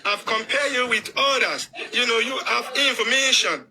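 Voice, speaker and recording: A man mimicking a fawning male caller who gushes flattery in a put-on foreign accent. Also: very high voice, normal speed, pitched above the performer's own voice, exaggerated voice. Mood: flattering. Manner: gushing flattery, stammering.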